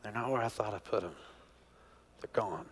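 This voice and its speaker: A middle-aged male pastor preaching a sermon, telling a family story, moving from hushed, quiet moments to loud, excited peaks. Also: on the low side, normal speed, breathy edge. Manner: animated storyteller, swings from hushed to near-shouting.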